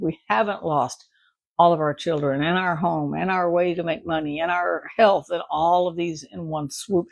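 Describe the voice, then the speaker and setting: A Bible study teacher talking through a casual morning devotional, her voice carrying a gravelly, fry-tinged edge. She rambles in a chatty way, laughs easily, and keeps checking in with "right?". The sound is dry and close, with no room echo. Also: lowish voice.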